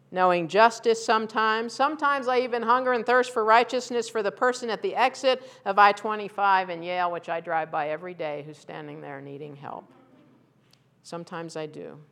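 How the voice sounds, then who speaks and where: A woman's voice: mid-range voice, fairly bright tone, clear, resonant tone. A middle-aged woman pastor preaching a conversational, candid sermon that rises to fervent emphasis.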